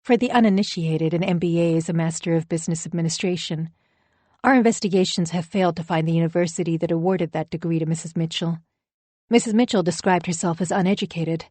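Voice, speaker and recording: Low-voiced woman narrating an audiobook. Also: fast, a little mellow, no room sound. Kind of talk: first-person audiobook narration.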